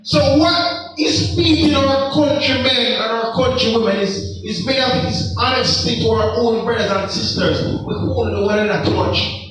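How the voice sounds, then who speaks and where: A Jamaican man speaks with a high, emphatic voice and lectures young people through rhetorical questions. He sounds far from the mic, and the room echoes heavily. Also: fairly bright tone. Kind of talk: impassioned motivational talk.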